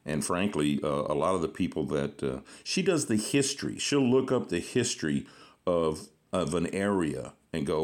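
A man's voice: low voice, sing-song, normal speed. A man hosting a podcast interview, joking and telling stories with frequent laughter. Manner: jokey storyteller, laughs often. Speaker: podcast host. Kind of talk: casual interview chat.

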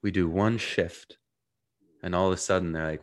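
A man speaking as a coach guest in a podcast interview, talking in an animated, emphatic way. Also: sits low, moderate pace. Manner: animated, emphatic, acts out clients' voices.

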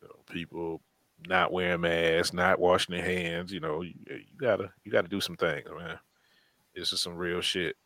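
Lively low-voiced man, bright and dry. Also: normal speed, vocal fry, no echo. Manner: blunt, joking, swears freely. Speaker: podcast co-host. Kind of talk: casual podcast chat.

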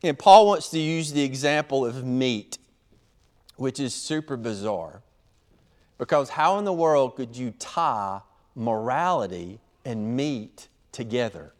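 A man preaching a sermon, animated, acting out quotes as he teaches. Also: mid-range voice, slow. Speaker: pastor.

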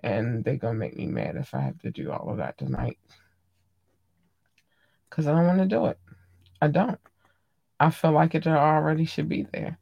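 Chatty woman podcaster, swoops into high squeals, close and dry. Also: moderate pace, gravelly, long pauses, slightly rough, no echo, muffled recording. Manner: animated, squealing high on greetings to listeners. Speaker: podcast host. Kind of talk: casual solo podcast chat.

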